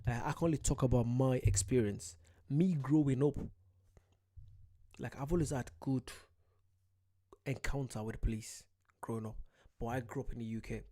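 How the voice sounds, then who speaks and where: A man's voice: medium pitch, fairly even intonation, normal speed, long pauses, dark tone. A young man with an Irish accent, chatting casually on a livestream, reading out viewer comments, rambling and joking about himself. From Ireland. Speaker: streamer.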